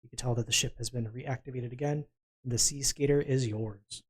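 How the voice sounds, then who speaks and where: A man's voice: mid-range voice, fairly even intonation, husky. A man acting as game master, calling for dice rolls and narrating what happens. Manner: brisk, calls for dice rolls and narrates results.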